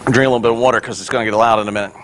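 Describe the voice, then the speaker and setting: A male pastor preaching a sermon with energy, swelling loud on key points and dropping in joking asides to the congregation. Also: mid-range voice, fairly even intonation, rapid-fire, a little hiss or hum.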